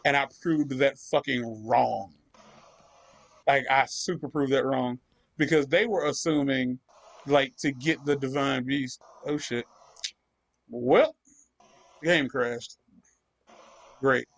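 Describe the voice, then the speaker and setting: A man's voice: medium pitch, slow, long pauses. A young man hosting a gaming channel, ranting profanely in casual chat while he plays. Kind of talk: casual chat over gameplay.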